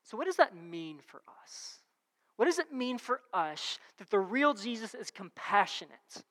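A woman's voice: mid-range voice, very animated, unhurried, fairly bright tone, long reverb tail. A woman preaching a sermon in a conversational way, repeating key phrases and reading scripture aloud.

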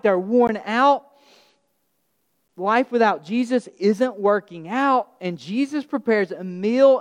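A male pastor delivers a sermon with an animated storytelling manner, and he acts out the characters as he goes. His voice sits high for a man. The sound carries a long reverb, as if it was recorded in a large hall. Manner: animated storytelling, acting out the disciples' lines.

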